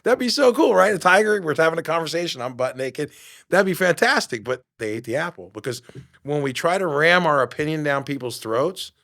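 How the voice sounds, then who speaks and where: A man in his fifties, pitched on the high side and speaking a little fast, gives an animated motivational monologue. He's a podcast host and fitness coach who acts out quoted voices.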